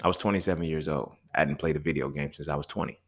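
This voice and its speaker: A man's voice: very deep voice, fairly even intonation, racing, breathy edge. A man in his thirties hosting a solo talk show, speaking in a loose, slangy, profane way and acting out back-and-forth dialogue. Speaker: podcast host. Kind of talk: casual monologue.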